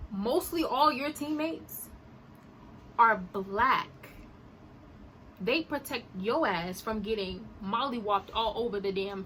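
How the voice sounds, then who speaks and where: A woman's voice: mid-range voice, a bit bright, slight background noise, poor audio. A young woman vlogger giving an impassioned, indignant opinion monologue to her camera. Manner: emphatic, indignant, rhetorical.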